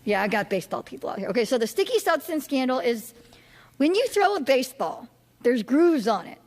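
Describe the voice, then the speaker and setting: Woman, political science instructor, high voice, casual classroom delivery with fillers and restarts, long reverb around her. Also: big pitch swings, fairly quick, darkish tone. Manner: chatty, many fillers and restarts, asks the audience questions. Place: classroom or lecture hall.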